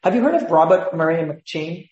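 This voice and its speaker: A man's voice: fairly high pitch, very animated, normal speed, darkish tone, echoey room, dull audio. A man, a pastor, preaching a sermon with emphatic rhetorical questions.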